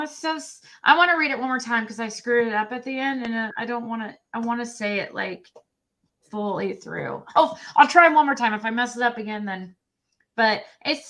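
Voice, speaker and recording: A livestream host with a fairly high, fairly bright voice chats casually, poking fun at herself. She often restarts sentences and lets phrases trail off.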